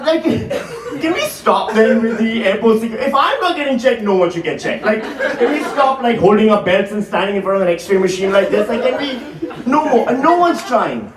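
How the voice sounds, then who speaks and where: A man's voice: high voice, lively intonation, a little fast. A man in his forties performing stand-up comedy live, doing crowd work with the audience. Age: 40s. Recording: roomy live hall, distant mic, crowd laughter.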